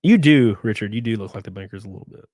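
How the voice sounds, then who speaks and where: A man's voice: on the low side, animated, fast talker, a little mellow. A man with a Southern US accent chatting casually on a live stream, reading chat aloud, swearing freely and laughing often.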